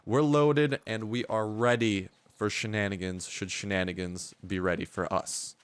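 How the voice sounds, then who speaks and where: Young male gamer, smooth lowish voice, playful rambling commentary. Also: steady tone, moderate pace, no room sound. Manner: joking, rambling, playful mock speeches. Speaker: gaming YouTuber. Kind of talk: casual gameplay commentary.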